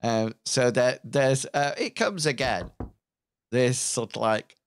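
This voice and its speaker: A man narrating a tabletop game as game master, slow and halting, with many fillers. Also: medium pitch, expressive.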